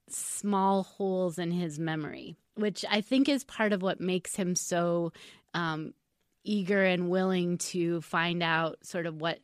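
In a casual interview, a woman with a slightly low voice discusses her writing as the author being interviewed. She often hesitates and starts over, yet remains earnest. The sound is dry and close, with no room sound.

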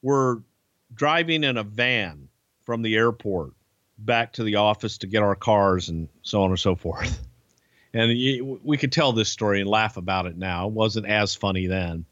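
A man casually telling a profane, animated anecdote on a podcast. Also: on the low side, a little slow, dry recording. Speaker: podcast storyteller. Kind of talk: casual storytelling. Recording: dull lo-fi podcast audio.

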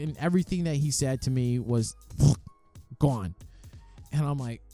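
A man casually telling the story of his amateur boxing match, lively and animated, acting out the quoted voices and swearing freely. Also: mid-range voice, a little fast, faint music behind.

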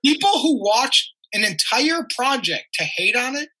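A woman's voice: on the high side, sing-song, a little slow, very noisy. A woman giving a blunt, sweary opinion in casual talk.

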